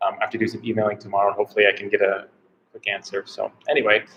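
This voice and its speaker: A man's voice: lowish voice, completely flat delivery, racing, fairly bright tone, muffled recording, a little hiss or hum. An American man chatting casually on a live stream from a small room, rambling and unsure, often repeating himself. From United States. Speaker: travel vlogger doing a live Q&A.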